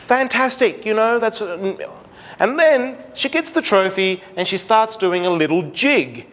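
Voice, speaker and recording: A middle-aged Australian man giving an animated seminar talk to parents, acting out conversations with his daughter. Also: high voice, a little slow, slight background noise. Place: large school hall. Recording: long hall reverb.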